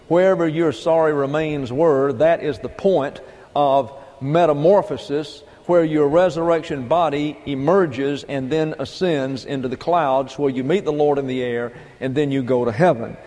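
A man preaching with a mellow, dark-toned voice, his folksy sermon full of rhetorical questions and punchy emphasis. The sound carries a long reverb, as if caught in a large hall. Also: fairly high pitch, fairly even intonation, normal speed. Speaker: pastor.

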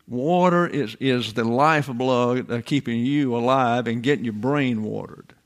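Older male Bible teacher, sermon delivery, emphatic and repetitive, average pitch. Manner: deliberate, emphatic, repeats phrases.

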